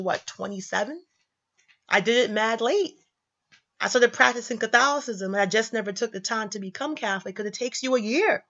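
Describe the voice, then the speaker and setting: A woman's voice: mid-range voice, vocal fry, fairly bright tone. Emphatic woman preaching in slang. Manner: emphatic, repeats lines for effect, slangy. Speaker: commentator. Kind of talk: casual religious commentary. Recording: slightly dull lo-fi audio.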